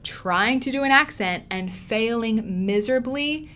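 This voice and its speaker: A woman's voice: on the high side, expressive, measured pace, fairly bright tone, slight background noise. A woman with an Australian accent giving an online acting lesson, emphatic and repeating key words for stress. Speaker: acting teacher.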